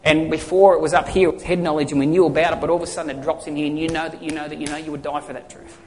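Speaking very fast in a level tone, a man with a voice on the high side delivers a sermon as a pastor, asking his congregation questions and then answering them. There's slight background noise and long hall reverb.

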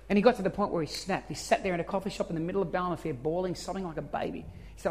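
A man's voice: sits high, very fast, hardly any pauses, darkish tone, a little hiss or hum. A man preaching a sermon as a pastor, earnest and conversational, stumbling and restarting as he goes. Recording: long hall reverb.

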